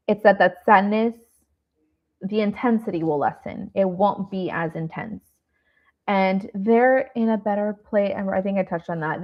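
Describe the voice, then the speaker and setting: A woman hosting a grief masterclass as a nurse, talking in a raw, rambling, heartfelt way with lots of fillers. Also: medium pitch. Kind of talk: candid live online talk. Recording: dull lo-fi stream audio.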